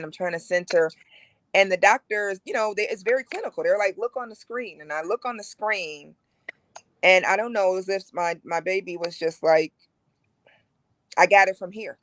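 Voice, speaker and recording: A woman in her forties frankly telling her own story as a guest on a broadcast talk, animated and lively in how she recounts it. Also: fairly low pitch, no room sound. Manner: animated, frank, acts out quoted voices.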